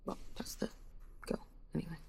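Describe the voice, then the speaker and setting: A young British woman chatting casually to camera for her vlog, often slipping into a hushed half-whisper. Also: fairly quick, poor audio. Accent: British English. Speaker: book vlogger.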